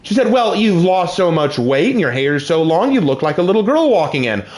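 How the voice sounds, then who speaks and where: A young man casually telling personal stories while playing a game, with excited outbursts. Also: sits high, fairly quick. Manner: lively, shifts from calm to excited outbursts. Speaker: gaming channel host.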